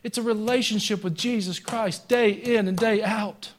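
High-voiced preacher swinging loud to quiet. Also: male voice, fairly even intonation, moderate pace, slight background noise. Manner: conversational preaching that swings between loud emphatic lines and quiet wry asides; joking. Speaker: pastor. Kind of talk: sermon. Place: church sanctuary.

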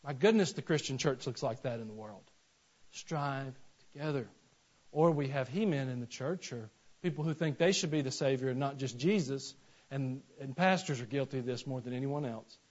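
A man, preaching a sermon and telling stories with animated acted-out voices. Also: medium pitch, normal speed. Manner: animated storytelling, acts out voices in anecdotes. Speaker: pastor. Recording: dull lo-fi sermon recording.

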